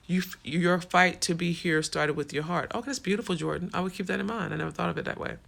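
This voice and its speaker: Brief: frank streetwise woman hosting a livestream, gravelly fry, sharp bright tone. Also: on the low side, quick pace. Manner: frank and streetwise, swears freely. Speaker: livestream host. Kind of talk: casual livestream chat reading viewer comments.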